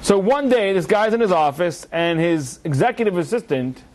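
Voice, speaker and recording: A man teaching a religious class, telling a story in an animated, humorous way. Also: sits high, normal speed.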